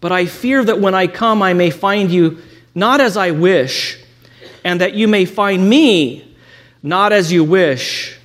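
A man's voice: high voice, slow pace, a bit bright. A man teaching a lecture on scripture, reading quotations aloud and adding ironic asides. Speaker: Bible teacher.

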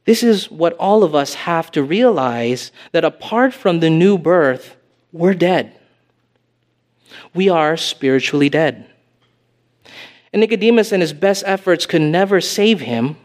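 Brief: male pastor, earnest sermon delivery, higher voice, slow and deliberate. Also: animated. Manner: earnest, emphatic preaching with rhetorical questions.

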